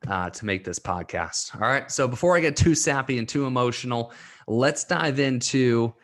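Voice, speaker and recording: A man's voice: medium pitch, moderate pace, fairly bright tone. A young man hosting a solo podcast, talking earnestly and getting emotional, laughing through tears at times. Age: young adult. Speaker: podcast host and coach.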